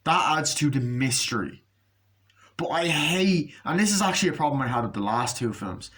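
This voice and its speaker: A man's voice: fairly high pitch, animated, normal speed, a bit bright. A man giving a casual, profane movie review, sarcastic and acting out scenes in mocking voices.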